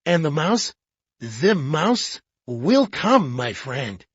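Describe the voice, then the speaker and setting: An audiobook reader voicing a fussy, excitable older male Belgian detective who talks slowly and emphatically with pointed questions. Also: medium pitch, slightly rough, dry recording, full character voice. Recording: dull lo-fi audiobook.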